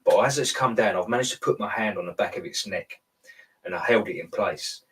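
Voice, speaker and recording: A man's voice: lowish voice, fairly quick, fairly bright tone, far from the mic, poor audio. A man telling a long dream story in casual chat. He rambles, restarts often and acts out quoted lines. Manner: rambling storyteller, self-interrupting.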